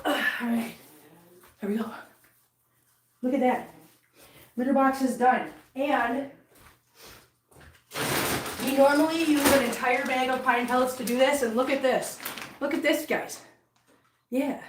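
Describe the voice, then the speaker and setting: A cat channel vlogger chats earnestly to her viewers while cleaning up at home, slipping into baby talk with her cats. Her voice is high, her pace measured with long pauses, and she's recorded from a distance in an echoey room with a noisy background.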